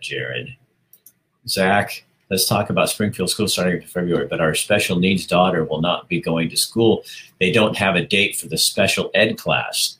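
A man with a deep, low voice hosts a casual livestream. He reads comments aloud in a loose, chatty way and laughs easily between them. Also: fairly bright tone. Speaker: livestream host reading viewer comments. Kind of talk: casual live-stream chat.

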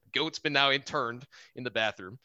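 Young man, guest on a remote call, animated storyteller, bright tone, dry sound. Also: medium pitch, normal speed, no room sound, muffled recording. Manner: animated, swears casually, acts out quotes. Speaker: podcast guest, Air Force officer. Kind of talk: casual storytelling.

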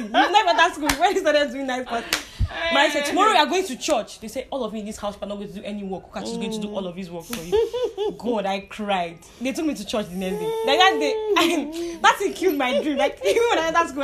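A woman's voice: sits high, very noisy. A young Nigerian woman telling stories in a casual chat. She mixes in pidgin and laughs often. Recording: crowd chatter in the background.

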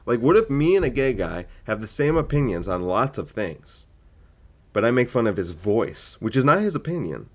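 A man's voice: mid-range voice, big pitch swings, normal speed. A man, a comedian, arguing his point in a solo podcast monologue, full of rhetorical questions and fillers.

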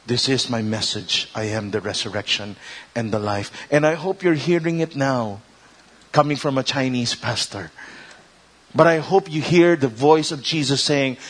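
A man preaching a sermon as a pastor, mixing English and Tagalog and building to loud, emphatic declamations. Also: medium pitch, moderate pace. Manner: switches between English and Tagalog, rising to loud declamations when quoting Jesus.

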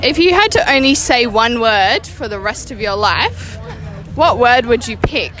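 A woman's voice: fairly high pitch, sing-song, unhurried, fairly bright tone, poor audio. A woman hosting a podcast, interviewing friends as they walk to the beach, playful and teasing. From Australia. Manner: playful, teasing, laughs often. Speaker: podcast host. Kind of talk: casual interview while walking outdoors. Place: outdoors on a street, walking to the beach.

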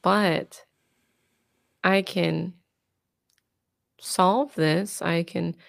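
Woman therapist talking real slow and measured, low voice. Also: steady tone, vocal fry, dry recording, clean studio sound. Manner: slow, measured counselor talk.

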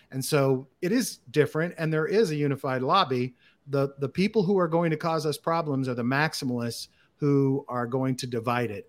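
A man co-hosting a casual chat podcast, blunt and profane, who reads out listener comments and argues back. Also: mid-range voice. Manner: blunt and profane, swears freely. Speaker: podcast co-host.

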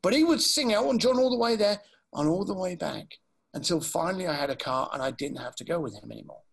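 A grown son quietly recalls his late father, his voice gravelly and husky as a man retells his words. He speaks slowly and haltingly, with deep feeling. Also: lively intonation, exaggerated voice. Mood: tender.

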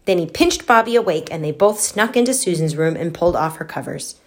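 A woman reading a children's storybook aloud, gentle and expressive, giving the children's lines their own voices. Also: on the low side, fairly quick.

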